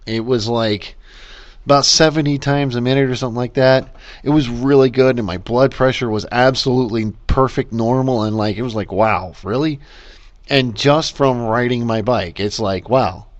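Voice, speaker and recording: A man hosting a casual solo podcast rant, rambling with lots of fillers, restarts and swearing, wired on caffeine. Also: mid-range voice. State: caffeinated, talking fast. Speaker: podcast host.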